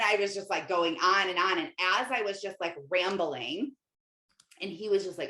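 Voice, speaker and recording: A woman's voice: fairly low pitch, moderate pace, pushed and bright. A middle-aged woman hosting a podcast as a Christian life coach, talking in a chatty, rambling way with lots of fillers. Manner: chatty, rambling, many fillers and self-quotes. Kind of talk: casual confessional monologue. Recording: roomy echo.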